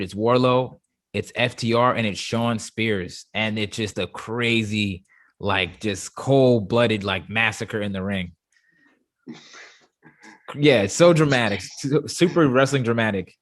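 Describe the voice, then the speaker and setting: A man hosting a casual review chat, stumbling and repeating words when he gets excited. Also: lowish voice, unhurried. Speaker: show host.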